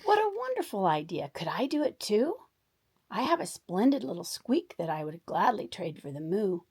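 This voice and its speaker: A woman voicing an excited little male mouse in a storybook read-aloud, talking in a high, eager way. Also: moderate pace, breathy edge. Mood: delighted.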